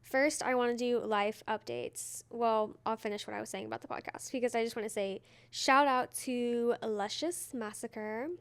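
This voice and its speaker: A woman's voice: fairly high pitch, steady tone, moderate pace, hardly any pauses, clean tone. A young woman hosting her own podcast alone, chatting casually in a rambling, self-mocking way with lots of fillers. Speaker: podcast host. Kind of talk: solo casual podcast chat.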